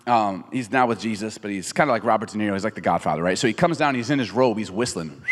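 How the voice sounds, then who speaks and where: Lively storytelling male pastor in a theater. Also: lowish voice, fast talker. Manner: animated storytelling with jokes and acted-out quotes. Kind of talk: sermon. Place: large theater. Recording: long reverb of a big theater hall.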